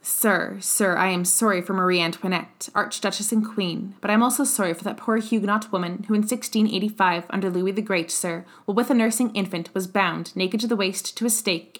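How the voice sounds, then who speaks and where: A woman reads a bitter old revolutionary on his deathbed, fierce in argument. The delivery stays even and measured, at a medium pitch, like an audiobook passage. There is little put-on voice. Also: natural voice. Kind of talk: audiobook character reading.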